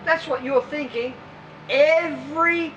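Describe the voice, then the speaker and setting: A woman's voice: high-pitched, slow pace, fairly bright tone, highs cut off. Blunt woman swim coach, distant. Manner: blunt, rhetorical questions, acts out swimmers' voices. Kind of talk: coaching talk to a squad. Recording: distant mic with vehicle noise behind.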